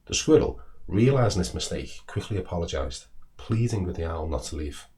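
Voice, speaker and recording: A deep-voiced man reading a children's storybook aloud. He tells it with expressive, storytelling emphasis. The voice sits very low. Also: moderate pace. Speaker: children's book author and narrator. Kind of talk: storybook read-aloud narration.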